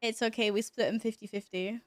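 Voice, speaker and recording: An excitable woman streamer with a fairly high voice chats casually with her viewers. She laughs often and swears when amazed. Her voice sounds dry and close, with no room echo. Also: brisk. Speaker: livestreamer.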